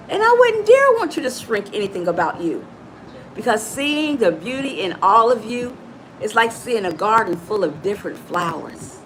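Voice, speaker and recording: Middle-aged woman coach from chicago, animated preachy talk, swoopy high voice, bit of hiss behind. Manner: animated, preachy, talks straight to listeners. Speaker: motivational coach and podcast host. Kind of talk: motivational talk.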